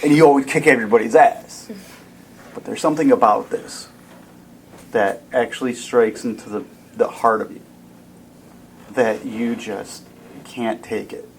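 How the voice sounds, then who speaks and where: A man's voice: mid-range voice, steady tone, unhurried, long pauses, rough recording. Man narrating as a dramatic dungeon master. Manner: vivid, dramatic storytelling. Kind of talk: narrating a tabletop game. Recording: faint background noise.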